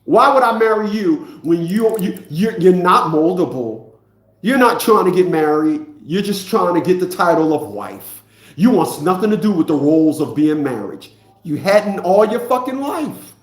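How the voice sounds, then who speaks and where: A man's voice: high-pitched, big pitch swings, moderate pace, reverberant. A man in his fifties ranting in a preachy, profane monologue, often repeating himself. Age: 50s. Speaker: vlogger.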